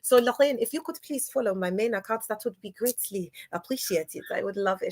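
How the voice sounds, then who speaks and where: Bright-voiced woman signing off a live stream. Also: fairly high pitch, lively intonation, a little fast. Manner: chatty, affectionate, talks straight to viewers. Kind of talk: casual live-stream sign-off.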